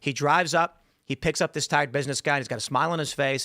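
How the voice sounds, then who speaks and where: A man's voice: on the high side, steady tone, rapid-fire, sharp tone, no echo. A male show host chatting in a studio, a rambling storyteller who acts out the voices of people in his stories. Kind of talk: casual studio chat.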